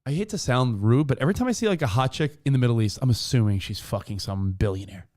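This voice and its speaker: Animated profane talk-show co-host. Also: male voice, mid-range voice, fast talker. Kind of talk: casual talk-show banter.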